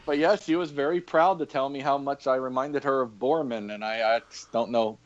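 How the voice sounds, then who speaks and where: A man's voice: medium pitch, steady tone, fairly quick. A man guesting on a podcast, telling stories in a laid-back, casual way with frequent fillers. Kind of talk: casual interview chat. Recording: dull lo-fi audio.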